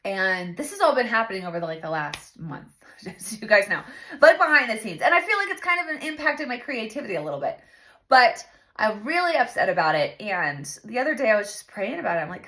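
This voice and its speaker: A woman's voice: medium pitch, sing-song, brisk, bright, forceful tone. A woman in her thirties hosting a casual faith talk, chatty and earnest, with lots of fillers. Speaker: host.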